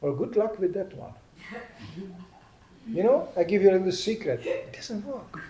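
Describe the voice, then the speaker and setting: A man's voice: sits high, unhurried, a crowd in the background. Older man preaching in echoey hall. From Czechoslovakia. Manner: animated storyteller, acts out comic voices. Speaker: spiritual teacher. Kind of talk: humorous sermon. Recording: roomy hall echo.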